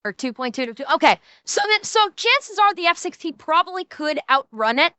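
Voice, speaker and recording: A woman streamer talks through a video she is reacting to, thinking aloud as she goes. Her voice is high and bright, and she stops and restarts often with fillers. The sound is dry and close, with almost no room. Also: very animated, a little fast, dry recording. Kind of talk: casual react commentary.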